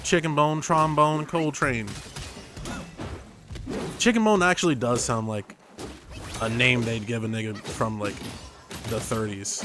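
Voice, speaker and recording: A man's voice: medium pitch, a little slow, long pauses. A young man streaming a game, rambling through jokes and tangents into his microphone. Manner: rambling, jokey, tangent-prone. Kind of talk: casual gaming commentary.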